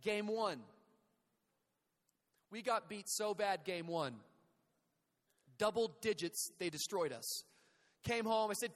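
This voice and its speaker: High-voiced energetic preacher in a hall. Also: male voice, slow pace, long pauses. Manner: energetic, humorous, calls to the crowd. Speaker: pastor. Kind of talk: sermon with storytelling. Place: church sanctuary. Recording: long hall reverb.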